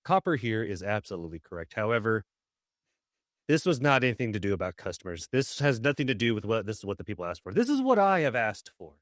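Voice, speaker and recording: A man's voice: lowish voice, very animated, fast talker, fairly bright tone, no echo, studio quality. A man co-hosting a podcast who plays a mock therapist in casual comedic chat. He is playful and often repeats himself. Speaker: podcast co-host.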